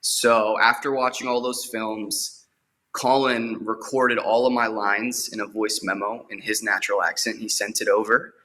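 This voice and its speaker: A young man with a bright, forceful voice and a fairly low pitch talks about his acting work in a relaxed interview. He is eager and open, and he often doubles a word as he looks for the next one. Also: moderate pace. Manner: eager, repeats words as he talks. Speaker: actor guest. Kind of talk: casual interview.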